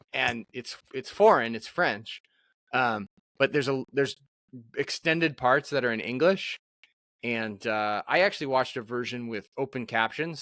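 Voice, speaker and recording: A man hosting a podcast, talking in a relaxed, joking way with quick interjections. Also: medium pitch, dry recording. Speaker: podcast host. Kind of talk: casual podcast chat.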